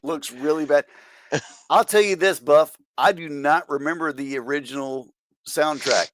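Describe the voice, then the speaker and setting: A man's voice: a little high, unhurried, fairly bright tone, no echo. A man hosting a casual, laughing riff over an old movie with a friend. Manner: laughing, playful banter. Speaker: host.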